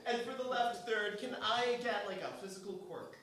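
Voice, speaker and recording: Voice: mid-range voice, normal speed, a bit bright. A host explaining game rules to performers at a live improv show in a theatre. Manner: explaining, with fillers. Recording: echoey theatre.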